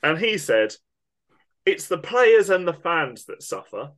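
A man's voice: on the high side, sing-song, a little slow, a bit bright. A man co-hosting a football podcast, ranting with emphatic indignation. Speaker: podcast co-host. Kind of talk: opinionated football podcast rant.

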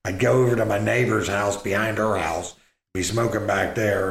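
Middle-aged man, gravelly and lowish, loose rambling storyteller with restarts; roomy echo. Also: fairly even intonation. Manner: rambling, halting with frequent restarts and fillers. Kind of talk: casual personal storytelling.

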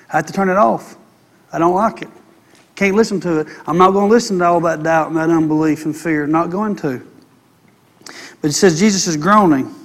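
A man preaching a sermon, reading scripture slowly and breaking off to comment, then building into loud, impassioned preaching. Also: high-pitched.

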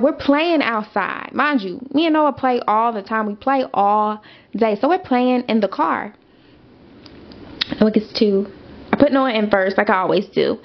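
A young woman hosting a podcast, telling a personal story in a casual, animated, emphatic way with lots of fillers. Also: a little high. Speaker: podcast host. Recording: dull lo-fi audio.

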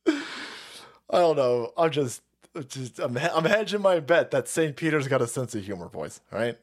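Lively, foul-mouthed male streamer. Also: mid-range voice, moderate pace. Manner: foul-mouthed, laughs a lot, mocking impressions. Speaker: livestream host reading chat. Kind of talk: casual ranting chat.

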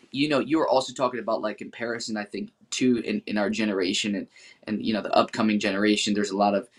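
A man's voice: fairly low pitch, steady tone, brisk. Affirming man on a faith podcast. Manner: affirming, warm-hearted, quotes scripture. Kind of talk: casual faith podcast talk.

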